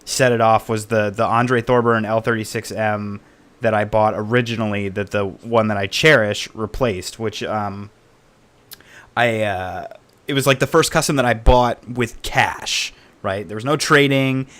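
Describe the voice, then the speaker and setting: A man's voice: lowish voice, steady tone, a little slow, fairly bright tone. A man as a podcast guest, telling his story in a rambling way with many fillers. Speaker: podcast guest, knife collector. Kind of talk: casual podcast interview.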